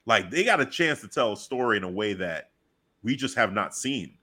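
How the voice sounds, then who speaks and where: A man in casual podcast chat, excitedly retelling a wrestling segment and acting out his own reactions. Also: on the low side, moderate pace, slightly rough.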